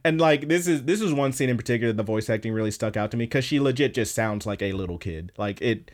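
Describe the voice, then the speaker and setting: A man co-hosting a podcast, casually recapping an episode in a profane, animated way, acting out the characters' lines. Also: medium pitch, fast talker. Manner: profane, animated retelling with quoted voices. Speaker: podcast co-host.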